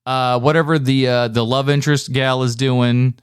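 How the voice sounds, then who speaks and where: A man's voice: mid-range voice, flat delivery, moderate pace, clear, resonant tone, no room sound, clean studio sound. A man co-hosting a movie podcast, talking casually with blunt, sarcastic jokes and the odd curse word. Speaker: podcast co-host. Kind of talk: casual movie review chat.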